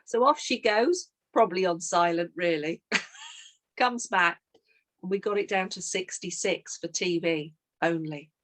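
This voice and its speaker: A middle-aged woman leads a team coaching session in an even, mid-range voice. She tells stories with animation and plays both sides of a sales call. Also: medium pitch.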